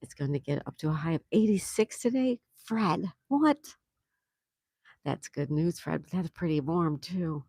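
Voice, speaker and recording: A woman's voice: sits low, a little slow, a little mellow, slightly rough, no echo. A woman hosting a casual livestream outdoors, chatty and affectionate, reading viewer comments aloud. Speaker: livestream host.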